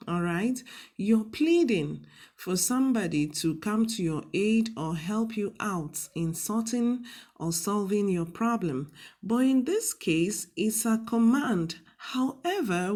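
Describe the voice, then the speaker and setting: Woman teacher on tv, real slow and patient, keeps asking okay? all right?. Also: fairly high pitch, a little mellow. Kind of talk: classroom lesson on TV.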